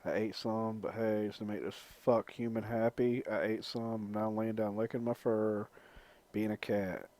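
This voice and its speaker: A man's voice: fairly low pitch, level tone, normal speed, a little mellow, natural voice. A man voicing a smug, laid-back male house cat's thoughts in a mocking, profane inner monologue.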